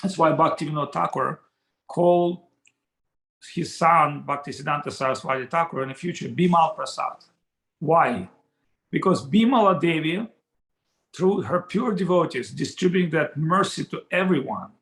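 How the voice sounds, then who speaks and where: A man, a spiritual teacher, telling a sacred story in a question-and-answer session on a video call, animated and with non-standard grammar. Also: fairly high pitch, moderate pace. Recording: echoey room over a video call.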